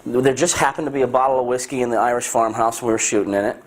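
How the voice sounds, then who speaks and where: Director dude telling stories, lotta swearing, gets really animated. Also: male voice, medium pitch, fast. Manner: animated, profane anecdote telling. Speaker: film director. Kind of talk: casual interview chat.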